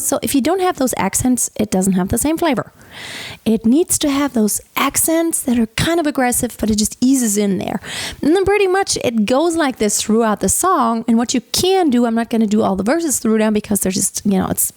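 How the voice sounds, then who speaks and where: A woman's voice: fairly high pitch, lively intonation, normal speed, a little mellow, soft background music. A woman teaching singing, explaining technique and breaking into sung examples with a light, flowing delivery. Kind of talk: vocal lesson with sung demonstrations.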